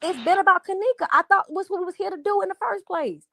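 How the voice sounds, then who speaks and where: A woman's voice: very high voice, fast talker, creaky, bright, forceful tone, slight background noise. A woman hosting a livestream, venting angrily to her viewers in a profane, repetitive rant. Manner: angry, profane, repetitive, addresses chat as y'all. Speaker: livestream host.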